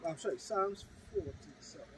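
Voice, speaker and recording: A man with a Trinidadian accent preaching on a city street, reading scripture slowly and loudly, then explaining it in casual talk. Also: fairly high pitch, expressive. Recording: distant mic, loud street noise.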